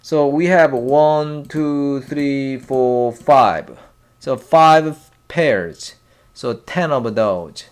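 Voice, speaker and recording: A man with a Korean accent teaching a language lesson in a slow, halting way, pausing often and drilling syllables aloud. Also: medium pitch, clean tone. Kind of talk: casual whiteboard lesson.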